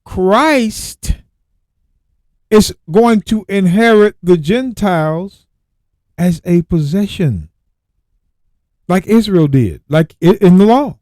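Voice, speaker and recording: Animated man teaching from scripture. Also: high voice, no echo. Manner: reads verses slowly, then exclaims and repeats points. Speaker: radio Bible teacher. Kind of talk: Bible teaching with scripture reading.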